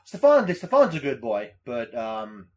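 Young male podcast host, casual and profane, animated pitch, bursts into loud mock voices. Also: a little slow. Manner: swears freely, loud mocking impressions. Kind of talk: casual chat.

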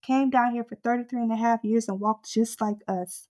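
A woman with a fairly high voice delivers a fervent sermon, driving home her point with rhythmic, repeated refrains. Her intensity keeps building as she exhorts the listener. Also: fairly even intonation, moderate pace, warm tone. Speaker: preacher.

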